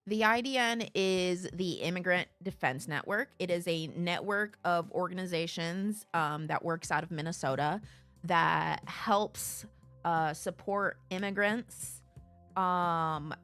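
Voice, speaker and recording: A young woman streaming live, chatting casually with her viewers and reading their messages aloud. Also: clean tone. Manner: animated, swings from low mumbles to shrieking laughs; reads chat aloud and jokes with viewers.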